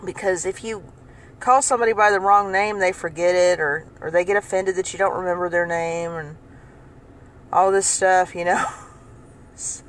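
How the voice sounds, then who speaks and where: A woman's voice: mid-range voice, a bit bright, slight background noise, low-quality recording. A woman vlogger talking casually to camera about her own experiences, rambling, restarting often and laughing. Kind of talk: casual personal talk to camera.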